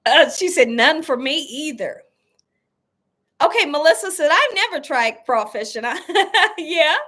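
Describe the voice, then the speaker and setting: A woman's voice: sits high, animated, unhurried, bright, forceful tone. A woman hosting a cooking channel live stream, chatting casually with viewers, reading their comments aloud and laughing often. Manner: laughs often, emphatic and playful.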